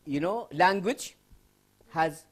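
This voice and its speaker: A man's voice: sits high, slow, slightly rough. A man from Sudan lecturing a class on English writing, asking students questions and repeating key phrases.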